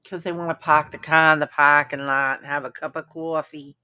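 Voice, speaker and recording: A woman's voice: low-pitched, steady tone, a little fast, sharp tone, clean tone. A woman hosting a live stream, chatting casually and bluntly with viewers, sarcastic and full of ums. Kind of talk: casual chat reacting to viewer comments.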